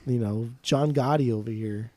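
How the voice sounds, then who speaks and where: A man's voice: mid-range voice, moderate pace, a little mellow. A man co-hosting a casual music podcast, swearing a lot and ranting in a blunt, joking way. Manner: profane, blunt, joking rants. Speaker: podcast co-host.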